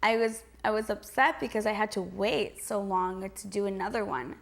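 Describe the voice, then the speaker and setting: A woman's voice: medium pitch, moderate pace, gravelly. A young adult woman answering interview questions in a chatty, giggly way, full of "like" and restarts. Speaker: interview guest.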